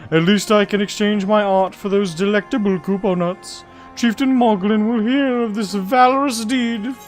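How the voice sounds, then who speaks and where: A man's voice: high voice, fairly even intonation, moderate pace, faint music behind, pitched above the performer's own voice, close to an everyday voice. A man voicing a small, cheerful moogle creature in a video game, speaking in chirpy, formal phrases.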